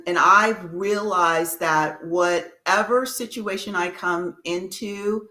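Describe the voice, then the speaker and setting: Woman interview guest, author, slow and bright, thoughtful. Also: lowish voice. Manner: slow and thoughtful, with self-corrections. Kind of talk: reflective interview answers.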